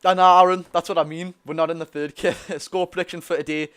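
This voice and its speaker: Chatty young Geordie fan streamer. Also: male voice, on the high side, quick pace, smooth, no echo. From North East England. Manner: chatty, excitable, reads chat aloud. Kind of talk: casual live watch-along chat.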